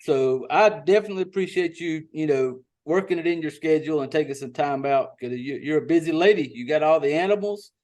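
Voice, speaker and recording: Podcast host, man, high voice, cussing and rambling loosely. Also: fairly quick, few pauses, a little mellow. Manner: laid-back, profane, rambling with restarts. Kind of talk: casual podcast chat.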